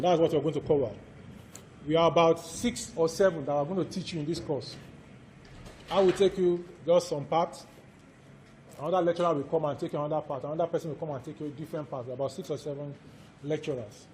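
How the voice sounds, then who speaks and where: A man with a Nigerian accent, lecturing a class and slowly repeating each point for students to write down. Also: fairly high pitch, mellow, a little hiss or hum. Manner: quizzes students directly. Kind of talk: classroom lecture, dictating notes. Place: lecture hall.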